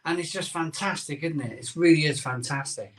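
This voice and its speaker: A man's voice: a little high, brisk, far from the mic. A man hosting a live beer-drinking show, telling a rambling story in casual chat and repeating his phrases as he goes.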